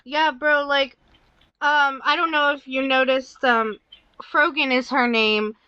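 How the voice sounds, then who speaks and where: Young woman, high bright voice, talks slow, blunt n slangy, lots of laughing. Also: fairly even intonation, a little hiss or hum. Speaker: podcast co-host. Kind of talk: casual chat. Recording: dry, dull lo-fi audio.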